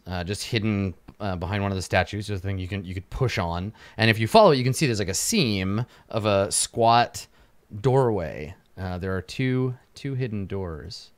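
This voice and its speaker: A man's voice: lowish voice, moderate pace. A man as dungeon master, casually narrating a tabletop game and restarting phrases as he goes.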